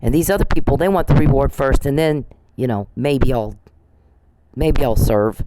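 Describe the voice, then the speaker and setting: A man's voice: medium pitch, moderate pace. Man ranting on a podcast, mocking, profane, faint hiss and clicks behind. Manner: scornful, mocking, profane, repetitive. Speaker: podcast host. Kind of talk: angry monologue addressed to an absent person.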